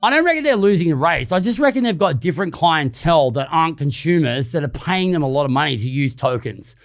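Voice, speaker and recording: A man's voice: a little high, sing-song, fast talker. A man with an Australian accent hosting an unscripted solo podcast, talking casually and bluntly, with some swearing. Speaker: podcast host.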